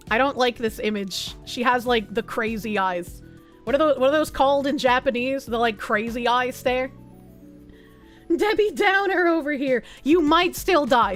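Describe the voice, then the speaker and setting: A woman's voice: high voice, lively intonation, normal speed, soft background music. A young woman streamer reading an article aloud and reacting with blunt, sarcastic, swearing commentary.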